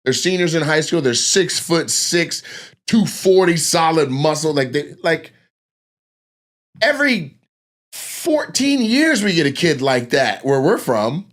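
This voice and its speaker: A young adult man from Washington state, a comedian hosting a casual chat, telling stories with profane, animated outbursts and acted-out voices. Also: on the high side, unhurried. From Washington state, USA. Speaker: comedian podcast host.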